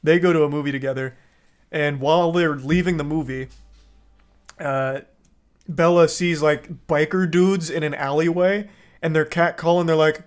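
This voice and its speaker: A man's voice: a little high, moderate pace. A man streaming, casually recapping a movie and chatting with viewers in a rambling, joking way. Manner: rambling recap with crude jokes. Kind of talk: casual chat.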